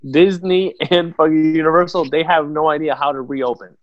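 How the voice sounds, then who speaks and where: A man's voice: a little high, little pitch movement, normal speed, no room sound. A man in casual chat among friends who swears freely and repeats himself. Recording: dry, dull lo-fi mic.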